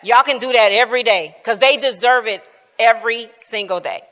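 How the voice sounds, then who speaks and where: A woman's voice: fairly high pitch, normal speed. Laughing grandmother in an echoing church hall. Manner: warm, laughing, emotional, talks straight to the group. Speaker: Bible class speaker. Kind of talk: personal talk to a church class. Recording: long hall reverb.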